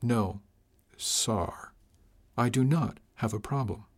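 A surly young rating on a spaceship, clipped and sneering with every "sir," as a male narrator puts him on. The voice sits at an ordinary middle pitch. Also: slow pace. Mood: sullen. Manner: curt, sneering.

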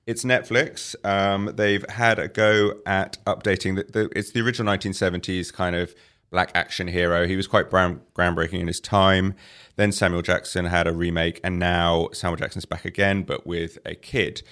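A man's voice: deep voice, flat delivery, normal speed, fairly bright tone, smooth. A man reviewing a film on a casual podcast, telling the plot in a wry, sarcastic way with punchlines. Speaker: arts editor reviewing films.

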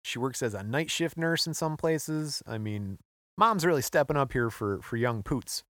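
This podcast co-host, a man, keeps things loose while recounting a piece of history, with frequent laughter throughout the casual storytelling chat. He speaks at a moderate pace in a mid-range voice, captured as clean, dry studio sound.

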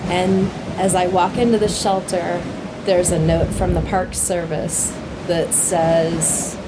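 Slow-talking woman with low voice. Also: heavy background noise. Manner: lively, laughs while telling, acts out quotes. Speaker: interviewee telling a hiking story. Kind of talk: casual storytelling.

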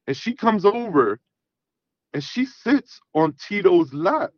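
A man's voice: high voice, very animated, takes it slowly, darkish tone, dry recording. A man telling a long personal story in casual, rambling talk, full of swearing and "I'm like" asides. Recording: dull lo-fi sound.

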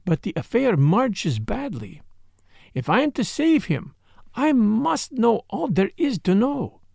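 A man voicing a clever older male detective who speaks gently and courteously. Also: sits high, gravelly, husky, dry recording, studio quality, voice pushed up, full character voice.

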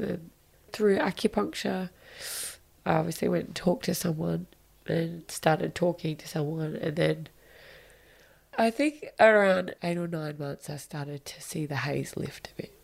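Gravelly woman telling a painful story. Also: fairly low pitch, normal speed, a little mellow, soft background music. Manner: emotional, confessional, swears and drops to a whisper. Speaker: podcast guest. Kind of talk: candid interview talk.

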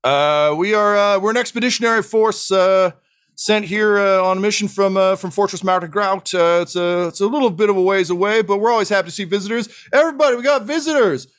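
A man voicing an excitable, friendly male dwarf who stammers eagerly and talks loudly. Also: high-pitched, fast talker, smooth, pitched above the performer's own voice. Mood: boisterous.

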